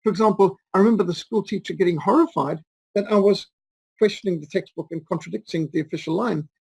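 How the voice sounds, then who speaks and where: Speaking fast in a high, creaky, slightly rough voice with a darkish tone, a man in his fifties from Rhodesia, Zimbabwe, recounts anecdotes as an interview guest. He rambles, restarting often and filling pauses. The audio is poor, with no room sound.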